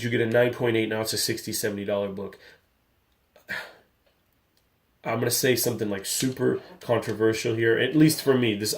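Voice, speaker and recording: Man, thirties, casual vlog, rambling and candid, low pitch, rough creaky voice. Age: 30s. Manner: candid, rambling, gets riled up. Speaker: comic book collector and channel host.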